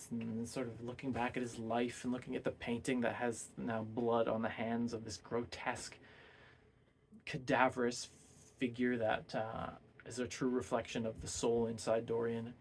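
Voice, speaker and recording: A man's voice: medium pitch, gravelly, a little hiss or hum. A man casually retelling a novel's plot as a book reviewer, rambling and full of hesitant fillers.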